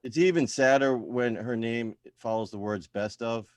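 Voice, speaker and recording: A man doing a deadpan stand-up set over a video call from home, trailing off into quiet, self-deprecating mumbles. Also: mid-range voice, normal speed, dry recording. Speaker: stand-up comedian at open mic.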